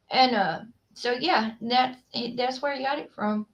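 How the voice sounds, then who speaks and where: A woman's voice: on the high side, slow, highs cut off. A woman, hosting a livestream and chatting casually with viewers, rambling with lots of fillers. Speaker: livestream host. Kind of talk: casual chat with live viewers.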